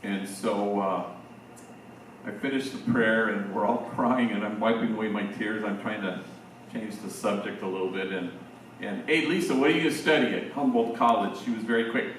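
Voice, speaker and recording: A man's voice: lowish voice, moderate pace, slight background noise. An older man, a priest, tells stories to a room of teachers in an easy, conversational way. His voice comes from a distance and rings through a very echoey hall. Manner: conversational, anecdotal with slang asides. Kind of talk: storytelling talk to teachers.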